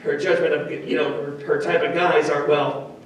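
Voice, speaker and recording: A young man does a stand-up comedy set, rambling and self-deprecating, full of restarts. His voice sits fairly high, with a good deal of pitch movement. It rings through an echoey room and is heard from some distance away from the mic. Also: flat delivery, normal speed, very noisy. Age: young adult. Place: comedy stage before a live audience.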